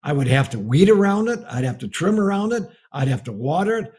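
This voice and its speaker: A man's voice: a little high, sing-song, a little fast, a little mellow, husky. A man preaching a marriage message as a folksy story and chuckling often as he tells it. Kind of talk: storytelling sermon.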